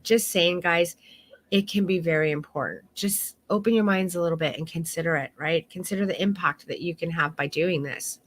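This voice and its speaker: This middle-aged photography instructor has a lowish, slightly bright voice. She teaches her online course with heartfelt candor, letting the occasional swear word slip.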